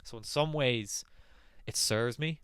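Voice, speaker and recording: A man's voice: medium pitch, takes it slowly, fairly bright tone, clear, resonant tone, no room sound. A man with an Irish accent, a podcast guest talking bluntly and opinionatedly. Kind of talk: casual chat.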